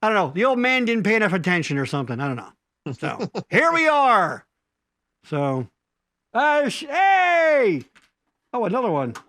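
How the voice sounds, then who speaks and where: A man with a high, animated voice that swings all over as he rambles through crude jokes. His tone is bright and forceful, and the sound is dry and close, from a basement studio. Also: fairly quick, no room sound. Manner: rambling, mock-pleading bits, crude jokes. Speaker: co-host of a live stream. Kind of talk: crude comedic banter.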